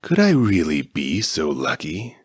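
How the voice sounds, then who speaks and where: A man's voice: very deep voice, huge pitch swings, unhurried, breathy edge, no room sound, studio quality, full character voice. A man doing a sneering alien villain. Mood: mocking. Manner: mocking, sneering. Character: sneering shape-shifting alien male villain.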